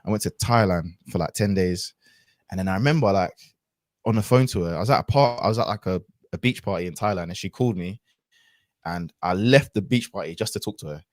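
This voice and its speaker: A man's voice: sits low, fairly quick, no room sound, studio quality. A man, a podcast guest telling a personal story in a casual, reflective way with lots of fillers and restarts.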